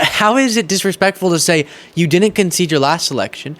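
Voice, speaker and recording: A young man hosting a political reaction show, talking in a sarcastic, mocking and animated way. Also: a little high, brisk, few pauses. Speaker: political commentary host. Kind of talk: reaction commentary.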